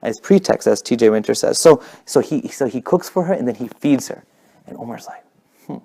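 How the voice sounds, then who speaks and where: A young man talking quickly at a casual talk, his voice at an ordinary pitch for a man. He tells his story in an animated way, full of "like" and restarts. He never slows down for long. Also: creaky. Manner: fast, animated storyteller with many fillers and restarts. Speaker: speaker at a community talk.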